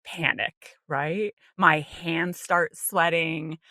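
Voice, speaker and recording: A woman co-hosting a podcast, telling a personal story in a casual, animated way, acting out her own inner voice with light laughs and lots of "like". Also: low-pitched, drawn-out words, no room sound, clean studio sound. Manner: frequent light laughter and "like" fillers. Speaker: podcast co-host.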